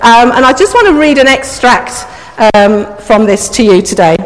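A woman's voice: a little high, lively intonation, moderate pace, few pauses. A woman giving an informal, chatty sermon, putting questions to the congregation and laughing now and then. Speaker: preacher. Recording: echoey hall.

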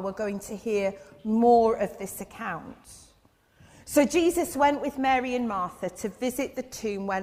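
A woman giving a gentle children's sermon in church, asking her listeners questions as she goes. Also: a little high. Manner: gentle, asks the audience questions. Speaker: church speaker giving an all-age talk. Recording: long reverb in a big hall.

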